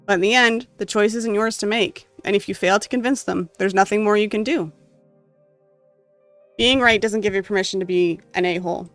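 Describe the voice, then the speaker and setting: A gamer reading a story game's text aloud with emotional, expressive delivery and occasional asides. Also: mid-range voice, moderate pace, no room sound, soft background music. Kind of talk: dramatic reading of game text.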